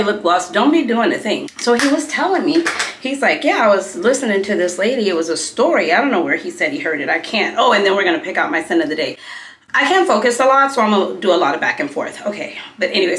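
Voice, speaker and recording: A woman in her thirties talks casually as she gets ready, chatty and animated, drifting from one topic to the next and back again. Her voice sits in a middle range. The room around her is noticeably echoey. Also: mid-range voice, quick pace. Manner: chatty, animated storyteller who jumps between topics. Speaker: beauty and fragrance vlogger. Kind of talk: casual chat while getting ready.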